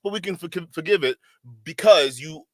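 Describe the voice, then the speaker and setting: A man's voice: a little high, moderate pace, no room sound. A man hosting a casual commentary show, rambling and profane, often tacking on "okay?". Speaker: commentary channel host.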